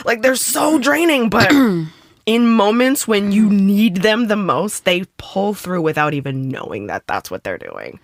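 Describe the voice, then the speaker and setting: A woman's voice: medium pitch, sing-song, moderate pace, no echo. A woman co-hosting a podcast in casual chat, talking candidly and freely with swearing and laughter. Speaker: podcast co-host.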